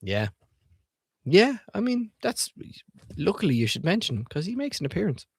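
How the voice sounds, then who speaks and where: A man's voice: sits high, very animated, moderate pace, creaky, slightly rough, no echo, studio quality. A man streaming as he reads and reviews children's books, joking irreverently, swearing freely and quizzing his viewers. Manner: profane, irreverent and jokey; asks the viewers questions. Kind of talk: casual comedic commentary reading aloud.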